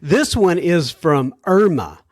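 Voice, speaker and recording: A man hosting a podcast, telling a story from his week and reading listener mail in a casual, animated way, chuckling as he goes. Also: a little high, slow pace, dry recording, clean studio sound. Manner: animated, chuckling, mock-pleading. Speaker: podcast host.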